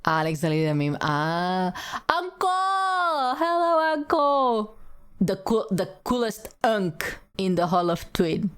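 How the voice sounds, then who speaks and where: A woman streamer tells a story to her live chat in a relaxed, unhurried way. She laughs often and drops Japanese words into her English. She sounds close to a desk mic. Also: fairly low pitch, smooth.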